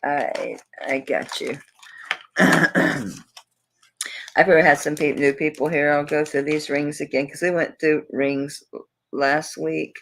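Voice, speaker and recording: Speaking in a deep voice with fairly even intonation, she moves at a slow pace with long pauses, and the low-quality recording carries slight background noise. The Tampa, Florida, USA woman with a Southern US accent is hosting a live jewelry sale, making casual live-stream selling chat while rambling and talking to herself as she looks over her table.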